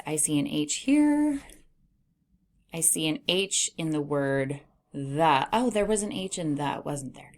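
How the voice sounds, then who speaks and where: A woman teaching an early reading lesson, sounding words out slowly for young children. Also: lowish voice. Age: adult. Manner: slow, sing-song teacher voice, sounding out words.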